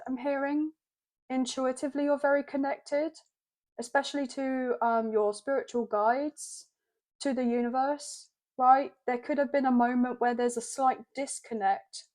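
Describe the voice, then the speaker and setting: Mellow-voiced woman giving a tarot reading. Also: fairly high pitch. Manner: flowing, repeats "I'm hearing" while channelling messages. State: choked up with emotion. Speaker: tarot card reader. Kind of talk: channelled tarot reading to camera.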